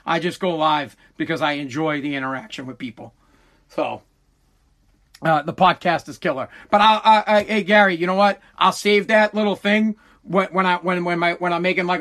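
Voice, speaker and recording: A man's voice: on the high side, sharp tone. Fired-up, cursing man ranting on podcast. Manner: heated, profane and repetitive. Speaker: podcast host. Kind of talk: casual livestream podcast rant.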